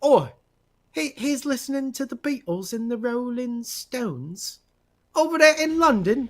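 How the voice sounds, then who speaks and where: Animated, chatty male podcast host. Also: very high voice, measured pace. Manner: chatty, animated, with filler words. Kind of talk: casual sports podcast chat.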